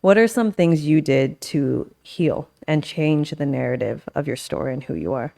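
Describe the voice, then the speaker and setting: Low-voiced woman podcast host, frank. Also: expressive, moderate pace, vocal fry, warm tone. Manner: frank, empathetic, blunt wording. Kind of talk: casual interview.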